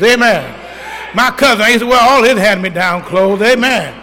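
A man's voice: sits high, a little fast, bright, forceful tone, long reverb tail. An older man, a pastor, preaching a sermon in church, telling stories from his own life and punctuating them with amens. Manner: storytelling with call-outs of amen, folksy. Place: church sanctuary.

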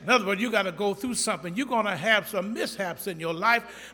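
High-voiced, bright preacher in echoey church. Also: male voice, a little fast, breathy edge. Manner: emphatic, building to shouts; folksy, blunt, addresses the congregation directly. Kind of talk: sermon.

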